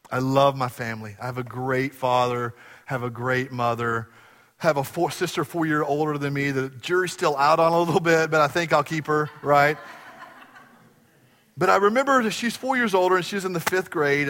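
A man preaching a sermon to his congregation in a church, telling stories with animated bursts and quiet asides. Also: a little high, in a large hall. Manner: animated storytelling, swinging between loud bursts and quiet asides. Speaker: pastor. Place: church sanctuary.

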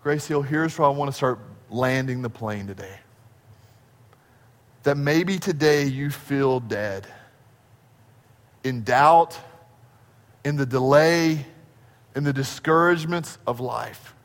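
A man preaching a sermon as pastor, emphatic, slowing right down to stress key phrases and asking the congregation questions. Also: medium pitch. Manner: asks the congregation rhetorical questions. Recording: long reverb of a large hall.

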